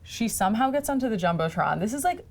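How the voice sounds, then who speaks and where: A woman's voice: a little high, expressive, fast talker. A woman hosting a podcast, recounting celebrity stories in a chatty, gossipy way. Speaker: podcast host. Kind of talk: casual chat.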